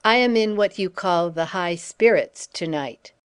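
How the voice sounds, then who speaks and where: A woman's voice: lowish voice, a little slow, smooth, natural voice. A woman reading as a theatrical young Frenchman, grand and mocking in manner, in an audiobook.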